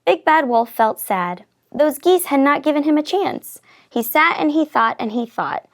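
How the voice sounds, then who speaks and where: A woman's voice: high-pitched, normal speed. Woman reading a picture book aloud. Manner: expressive, lively storytelling. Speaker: reader.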